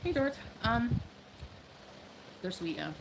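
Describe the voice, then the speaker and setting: A woman's voice: fairly high pitch, very animated, slow pace, creaky, noisy background. A woman chatting casually with her stream viewers, greeting them by name. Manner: chatty, reads out viewer names. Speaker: livestreamer.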